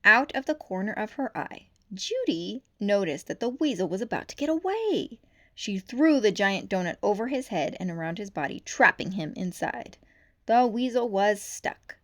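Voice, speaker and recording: A woman reading a children's book aloud for storytime. Her narration is lively and expressive, at an ordinary middle pitch. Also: moderate pace. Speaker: storytime reader.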